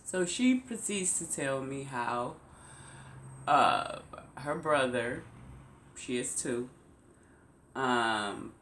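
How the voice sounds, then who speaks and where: A woman vlogger telling a personal story to her viewers, slow and emphatic, repeating phrases for weight. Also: very deep voice, fairly bright tone, echoey room, a little hiss or hum. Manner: slow, repetitive, emphatic retelling. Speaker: YouTube vlogger.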